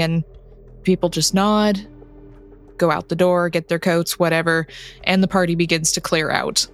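A woman narrating a tabletop role-playing game as game master, relaxed and conversational, laughing easily. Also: lowish voice, clean tone.

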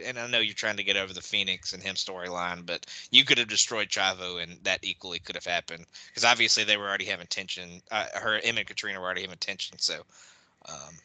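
A man's voice: on the low side, sharp tone, dry recording, poor audio. A man hosting a podcast, talking in a blunt, rambling casual chat. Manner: blunt, rambling wrestling opinions. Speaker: podcast host.

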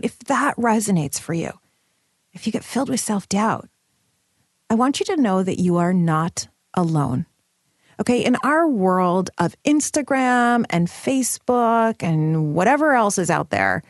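A woman hosting a solo podcast, bubbly and emphatic as she rallies her listeners. Her pitch sits in an ordinary middle range. The sound is close and dry. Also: sing-song, unhurried, no room sound. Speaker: podcast host. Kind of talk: upbeat solo podcast talk.

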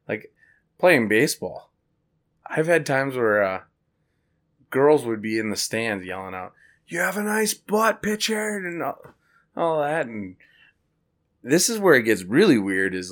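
A young man with a lowish voice chats on a podcast. He tells stories in a laid-back way and laughs often. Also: fairly bright tone. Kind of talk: casual chat.

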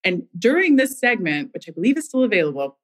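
A woman's voice: medium pitch, fast. Laughing woman caller telling a story. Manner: laughs often mid-sentence, animated. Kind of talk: casual storytelling.

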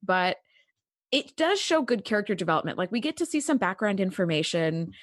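Animated woman podcast co-host. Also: mid-range voice, brisk, no echo, studio quality. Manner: animated, emphatic, laughs often. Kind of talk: casual podcast chat.

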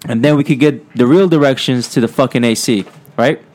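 A man's voice: medium pitch, fairly quick, darkish tone. Casual cursing man spinning a story. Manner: casual, cursing, checking in with "right?". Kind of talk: improvised comedy storytelling.

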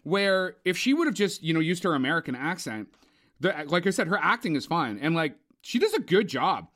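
A young man with a somewhat high voice co-hosts a film podcast. He talks in an opinionated, profane, rambling way, with plenty of asides and strong verdicts. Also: very animated, a little fast, fairly bright tone. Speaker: podcast co-host, film reviewer. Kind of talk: casual movie review chat.

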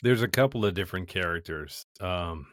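A man's voice: deep voice, lively intonation, brisk, dry recording. A man co-hosting a podcast, talking about a film in a wry, articulate way with dry jokes. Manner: wry, articulate, dryly joking. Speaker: podcast co-host. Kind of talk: casual film review chat.

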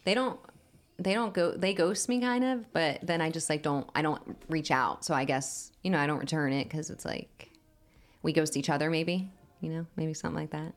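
Woman, low voice, podcast host, easy laughter, casual questions. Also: normal speed. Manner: laughs often, relaxed questions.

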